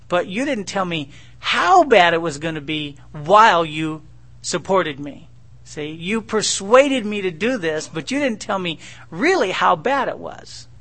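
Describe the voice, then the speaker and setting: A male preacher delivers his sermon in a high, bright voice. He speaks in an animated, conversational way and keeps turning to the congregation with rhetorical questions.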